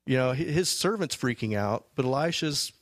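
Male preacher, mid-pitched, conversational sermon delivery with restarts, dry close recording. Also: lively intonation, moderate pace, no echo. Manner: conversational, many restarts and fillers. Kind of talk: sermon with scripture reading.

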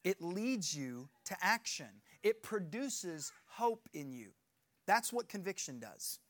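A man's voice: high voice, big pitch swings, slow, a bit bright. A middle-aged man preaching a sermon as pastor, earnest and emphatic, pressing his points harder as he goes.

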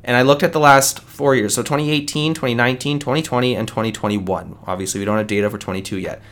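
A man's voice: medium pitch, steady tone, fast, fairly bright tone. A man hosting a solo podcast, arguing his view in an earnest, conversational way with many restarts. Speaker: podcast host. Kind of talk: solo opinion podcast monologue.

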